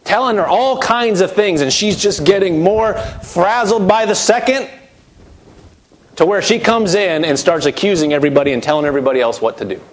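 A middle-aged man delivers a sermon with emphatic force, and his voice sits a little on the high side. He swings sharply up and down as he drives his points home, slipping into quoted voices along the way. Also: fairly quick. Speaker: preacher.

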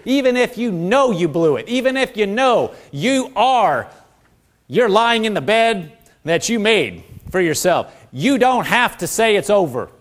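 High-voiced man preaching a sermon. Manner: preaching with call-and-response, quoting scripture. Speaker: pastor.

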